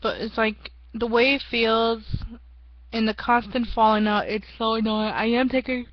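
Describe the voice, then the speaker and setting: A woman's voice: fairly high pitch, fairly even intonation, moderate pace, lo-fi sound, a little hiss or hum. A young woman giving a rambling, self-mocking casual vlog update, often laughing at herself. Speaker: vlogger.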